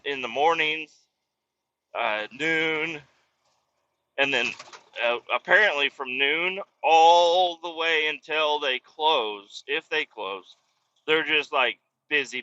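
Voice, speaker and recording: A man's voice: on the high side, pushed and bright, no echo. A man hosting a podcast, telling a rambling, profane story in a casual comedic rant. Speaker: podcast host. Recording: dull lo-fi dry recording.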